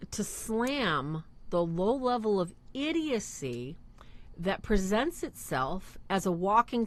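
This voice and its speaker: A middle-aged woman co-hosts a live religious talk show. She speaks in an emphatic, preachy way, her pitch ranging widely as she piles up rhetorical questions. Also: sharp tone. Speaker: co-host of a faith show.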